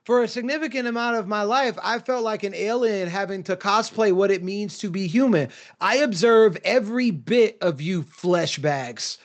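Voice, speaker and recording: Emphatic male writer, high voice, casual podcast guest. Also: moderate pace, hardly any pauses. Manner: animated, emphatic storyteller who laughs often. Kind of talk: casual chat.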